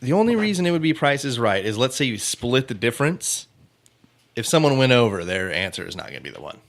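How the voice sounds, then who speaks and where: A man's voice: mid-range voice, very animated, fast talker. A man hosting a true-crime comedy podcast, joking casually and laughing often. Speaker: podcast host.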